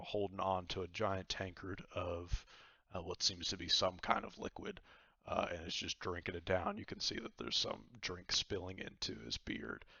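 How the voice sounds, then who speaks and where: A man's voice: sits low, creaky, bright, forceful tone, no echo, dull audio. A man narrating a tabletop game as game master, describing scenes in a rambling way full of fillers.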